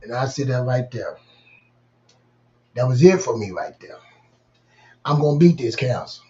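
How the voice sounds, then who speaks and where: Middle-aged male host, emphatic vernacular storyteller, mid pitch, muffled lo-fi sound. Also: lively intonation, measured pace, warm tone. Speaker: podcast host. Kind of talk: personal storytelling.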